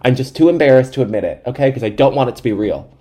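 Podcast host in his twenties, animated comic storyteller with a mellow voice, mocks himself and swears freely. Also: mid-range voice, racing. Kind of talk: comedic storytelling monologue.

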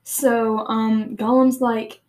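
A teenage girl hosts a book podcast, retelling a chapter in a chatty, filler-heavy way and reading passages aloud. Her voice sits fairly high. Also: level tone, drawn-out words, a little mellow. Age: teens. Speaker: podcast host.

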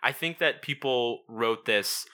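A man's voice: medium pitch, a little slow, pushed and bright. A young man co-hosting a podcast, rambling in casual chat and reading out plot summaries. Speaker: podcast co-host.

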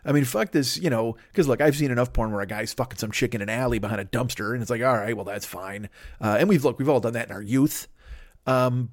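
A man's voice: medium pitch, no room sound, clean studio sound. A man hosting a solo comedy podcast, rambling and swearing freely while poking fun at himself. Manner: profane, rambling, self-mocking. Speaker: podcast host.

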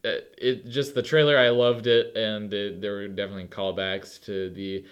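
A man co-hosting a casual podcast, rambling with fillers and bursts of excitement. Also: lowish voice, moderate pace, clear, resonant tone, lo-fi sound. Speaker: podcast co-host. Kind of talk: casual movie chat.

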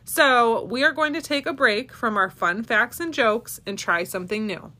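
A woman, a parent hosting a family podcast, reading a children's storybook aloud with expressive, animated delivery. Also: a little high, normal speed.

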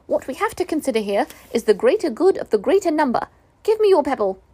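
A woman's voice: sits high, sing-song, quick pace, warm tone, pitched above the performer's own voice. A woman voicing a stern, bossy male rabbit who speaks severely in a storybook reading. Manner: severe, commanding.

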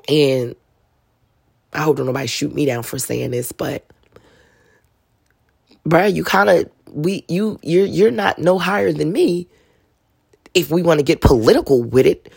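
A woman's voice: low-pitched, animated, moderate pace, creaky, pauses often, a little mellow, slightly rough, no room sound, studio quality. A woman hosting a podcast, telling stories in a chatty, slangy way and laughing as she goes. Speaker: podcast host and mother. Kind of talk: casual storytelling monologue.

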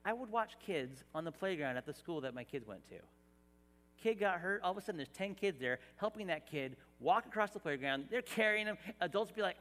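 A middle-aged male pastor preaching a sermon in a church, animated, swinging from soft asides to shouted emphasis. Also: high voice, fairly quick, in a large hall. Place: church hall.

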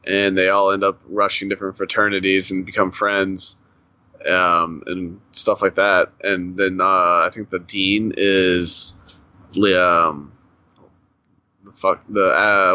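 A man's voice: low-pitched, pushed and bright, no room sound, highs cut off. A man in casual podcast chat, rambling through stories with lots of fillers and frequent laughs. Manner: rambling storyteller, many "like" fillers, laughs often.

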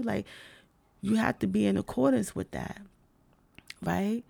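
Young new woman venting, gravelly fry in her voice, cussing nonstop, lots of fillers. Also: mid-range voice, steady tone, moderate pace, a little mellow. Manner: blunt, heavy swearing, lots of fillers. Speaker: vlogger. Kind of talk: casual rant to camera.

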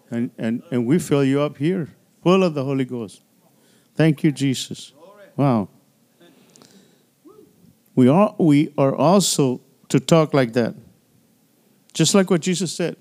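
Pastor guy preaching, kinda high voice, rambly, lots of you know and hallelujah, keeps restarting words. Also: measured pace, long pauses, darkish tone. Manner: repeats and restarts words often. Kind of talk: sermon.

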